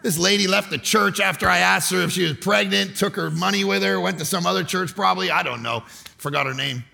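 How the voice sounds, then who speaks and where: A man preaching a comedic sermon, telling stories with sudden loud, shouted bursts. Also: high voice, fairly quick, creaky. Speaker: guest preacher. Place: church.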